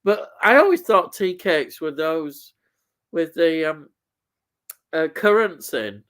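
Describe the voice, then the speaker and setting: A man's voice: fairly high pitch, lively intonation, slow, a bit bright, clear, resonant tone. A man co-hosting a casual livestream, easygoing and a little hesitant, often laughing. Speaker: livestream co-host. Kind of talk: casual live chat.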